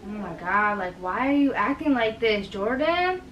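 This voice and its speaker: A woman's voice: medium pitch, animated, unhurried, distant mic, highs cut off, a little hiss or hum. A woman on a video call, exasperated and complaining.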